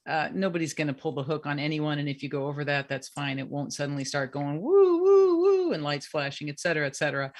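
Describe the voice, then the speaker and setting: A woman's voice: low-pitched, a bit bright. A woman hosting an open mic storytelling night, chatty and upbeat with many fillers. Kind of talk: casual hosting.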